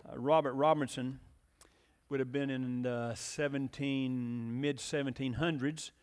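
A man's voice: mid-range voice, fairly even intonation, a little slow, clear, resonant tone, long reverb tail. A man preaching a sermon in a folksy, storytelling way, with many fillers and questions to the congregation.

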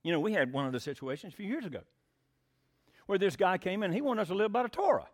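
A man's voice: sits high, lively intonation, quick pace. A man preaching a sermon in a folksy, plainspoken storytelling way. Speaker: pastor.

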